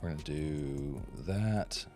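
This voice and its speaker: A man in his forties speaks slowly in an extremely low, warm voice while carving on a phone live stream, the phone propped up in his home workshop. He jokes, rambles and responds to viewer comments, with soft music playing in the background.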